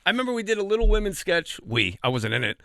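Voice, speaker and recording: A man guesting on a podcast, telling comic stories in an animated, profane way, acting out quotes with sudden shouts. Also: high voice, fast, vocal fry, no room sound, studio quality. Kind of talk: comic storytelling in a podcast interview.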